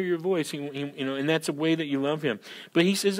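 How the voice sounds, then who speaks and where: A male pastor giving a sermon in a lively, conversational way, full of "you know" and "right", often acting out scenes. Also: on the high side, brisk. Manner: animated, acts out scenes in character voices.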